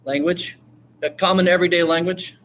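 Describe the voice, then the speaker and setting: Guy teaching a writing class, kinda high voice, lively, quizzes the room, faint hiss behind. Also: brisk. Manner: animated, asks the class questions, acts out quotes. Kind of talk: lively classroom talk on storytelling.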